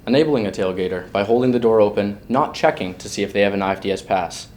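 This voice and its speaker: A man's voice: lowish voice, fast, darkish tone, faint music behind. A man narrating a training video in a wry, mock-serious scripted way.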